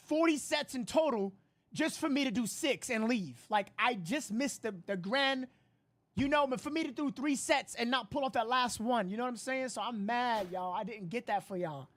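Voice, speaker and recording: A woman hosting a casual livestream, frustrated and rambling loudly while thanking viewers. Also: on the high side. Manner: frustrated, loud, swearing, rambling. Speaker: livestream host reacting to a live stream.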